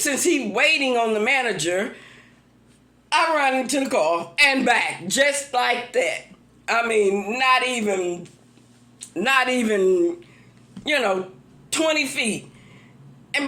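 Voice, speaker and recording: Her voice sits high and the room sounds open as this vlogger launches into a casual story for her viewers. She's animated and exasperated, venting and laughing as she goes.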